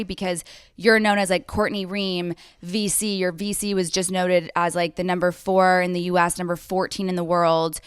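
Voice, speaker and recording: A woman's voice: fairly low pitch, clear, resonant tone, no echo, studio quality. A young adult woman hosting a podcast, telling a personal story in an effusive, chatty way with frequent "like" asides. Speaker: podcast host. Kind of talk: casual podcast conversation.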